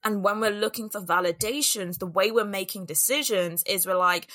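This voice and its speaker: Earnest female business coach, reflective solo talk, bright tone. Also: medium pitch, normal speed, hardly any pauses. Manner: earnest and reflective, acts out inner doubts.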